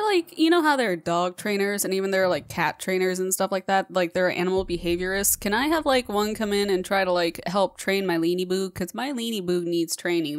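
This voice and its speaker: A woman's voice: mid-range voice, no echo, studio quality. Chatty woman narrating her gameplay. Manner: chatty, coaxing the game monster like a pet; frequent laughter. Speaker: gaming channel host. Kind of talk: let's play commentary.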